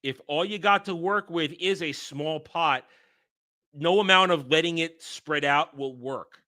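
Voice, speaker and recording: A man's voice: a little high, measured pace, sharp tone. A man from New York doing casual stream commentary, ranting with mock outrage and plenty of swearing. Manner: profane, mock-indignant ranting. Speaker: streamer reacting to clips.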